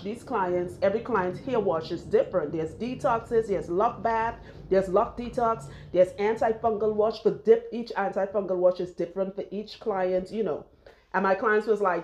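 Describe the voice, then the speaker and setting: A woman's voice: mid-range voice, moderate pace, a little mellow, slight background noise. A woman chatting casually while her hair is done, rambling and laughing often, on a clip-on mic. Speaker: loctician and vlogger.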